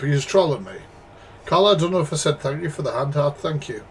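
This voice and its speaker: A man's voice: on the high side, lively intonation, fairly quick, slightly rough. A British man reacting live to clips, talking bluntly and swearing with exasperated asides to his chat. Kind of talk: casual live commentary.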